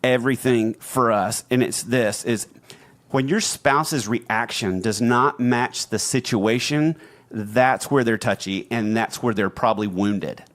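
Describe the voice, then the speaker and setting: A middle-aged man talks through advice as a podcast host. His voice sits at an ordinary middle pitch, and his manner is earnest and teaching. He repeats and stresses his main points. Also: a little slow, a bit bright. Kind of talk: casual advice talk.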